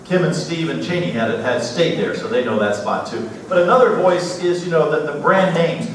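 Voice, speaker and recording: A man's voice: a little high, lively intonation, moderate pace. A man giving a genial church slide talk, chuckling now and then at his own stories. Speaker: missionary speaker. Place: church sanctuary. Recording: echoey hall, distant mic, faint hiss.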